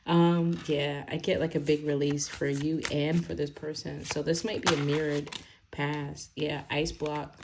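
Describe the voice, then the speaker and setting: Young woman doing a tarot reading, low voice, rambly, lots of "like" and little laughs. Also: little pitch movement, a little slow, creaky, background noise. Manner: rambling, filler-heavy, laughs often. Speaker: tarot reader.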